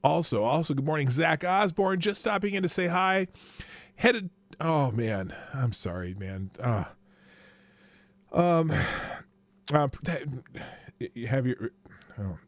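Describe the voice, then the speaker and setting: A man's voice: fairly high pitch, animated, slow pace, pauses often, no room sound. A man hosting a casual live-streamed morning show, rambling as he greets his viewers by name.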